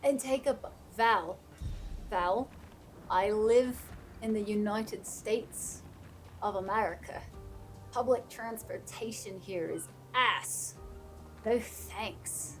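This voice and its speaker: A woman streaming a game who chats casually with her viewers and laughs often. Her accent drifts playfully whenever she gets animated. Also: mid-range voice, slow, pauses often, soft background music. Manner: chatty, laughs a lot, drifts between playful put-on accents. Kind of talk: casual live-stream chat.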